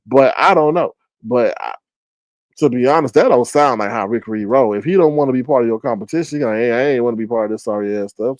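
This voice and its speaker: A man speaking holds forth on his own live stream, ranting in a sarcastic, animated way. His voice sits at an average pitch for a man. The sound is dry and close, with no room echo. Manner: animated, sarcastic, mocking quotes with sudden high squeals. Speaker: live stream commentary host. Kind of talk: casual ranting commentary.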